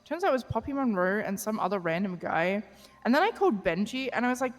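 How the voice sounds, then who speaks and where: Rambling woman with a lively voice. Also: medium pitch. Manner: rambling storytelling full of "like" and quick laughs. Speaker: roleplay player. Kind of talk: in-character roleplay chat.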